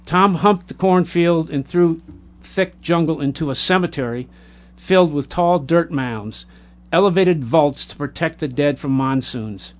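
Man reading a war story aloud. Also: a little high. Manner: measured, plain delivery with occasional stumbles and self-corrections. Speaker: narrator.

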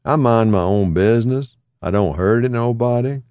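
A man's voice: mid-range voice, measured pace, a little mellow, no echo, studio quality, voice pushed up, lightly acted. A man reading aloud voices a frail, confused older man who repeats himself emphatically in folksy speech and turns fearful and pleading. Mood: mournful.

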